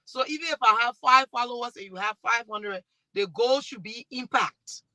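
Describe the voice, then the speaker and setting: Lively Liberian woman panelist telling stories. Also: on the high side, normal speed, no echo. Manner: animated storytelling, acts out quoted dialogue. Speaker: panelist and talk show host. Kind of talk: panel discussion.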